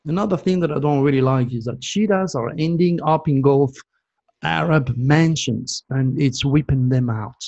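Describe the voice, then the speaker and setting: Gravelly, husky man ranting to camera. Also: medium pitch, normal speed, darkish tone, lo-fi sound. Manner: emphatic and preachy, keeps asking "okay?". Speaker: astrologer hosting his own channel. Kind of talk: ranting solo monologue to viewers.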